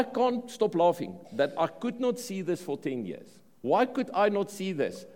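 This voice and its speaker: South African male preacher, fairly high voice, lively swooping delivery, sermon in a big echoing hall. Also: unhurried. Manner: animated preaching, repeats words and restarts phrases. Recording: long reverb of a large hall.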